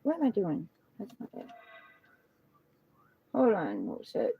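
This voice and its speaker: A woman's voice: medium pitch, takes it slowly, vocal fry, breathy edge, dry recording, narrow, tinny audio, faint music behind. A middle-aged woman hosting a casual livestream at home on her phone, chatting loosely and cooing fondly to her pet. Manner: relaxed, chatty, coos affectionately to her pet. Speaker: tarot reader livestream host.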